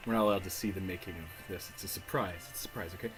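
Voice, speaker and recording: A man's voice: low voice, fairly even intonation, very fast, few pauses, poor audio. A man commenting casually on a story game he is playing, rambling and trailing off with chuckles. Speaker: game streamer. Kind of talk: let's play commentary. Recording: faint music underneath.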